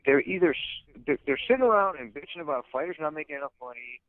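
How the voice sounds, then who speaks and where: A fighter's manager speaking bluntly in a phone interview, ranting with lots of fillers and restarts. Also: male voice, a little high, lively intonation, quick pace, dry recording. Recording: tinny phone line.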